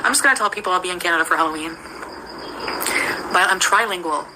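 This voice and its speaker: Woman streamer, low voice, loose chatty tone, heavy background noise. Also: fast. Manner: chatty, answers chat names, teaches phrases. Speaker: live streamer. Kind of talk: casual live stream chat.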